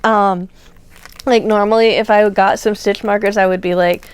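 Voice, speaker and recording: A woman's voice: medium pitch, fairly even intonation, a little slow, clear, resonant tone. A woman hosting a craft channel, chatting casually and gushing as she shows off yarn, with plenty of fillers. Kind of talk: casual unboxing chat.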